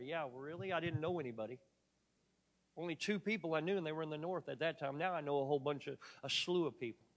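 A man preaching a sermon, telling a story dramatically and swinging from loud emphatic peaks to quiet asides. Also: fairly high pitch, fast, big-room sound.

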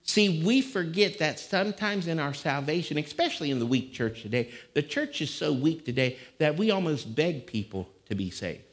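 A male pastor preaching a sermon, swinging between conversational talk and sudden shouts. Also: on the high side, animated, moderate pace, hardly any pauses. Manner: fiery, shouting bursts between conversational stretches. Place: church. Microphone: live-streamed service mic.

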